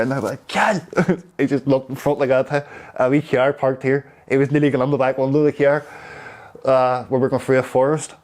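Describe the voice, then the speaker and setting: A man from Derry with a Derry accent, telling stories in a rambling, halting way. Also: medium pitch, darkish tone. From Derry, Northern Ireland. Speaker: interviewee. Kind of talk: casual storytelling.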